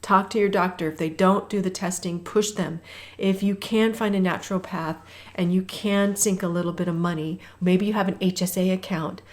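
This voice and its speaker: A woman's voice: lowish voice, steady tone, moderate pace. A woman in her fifties, a health coach hosting a walking workout, chatting and calling out intervals while she walks, a little breathless at times.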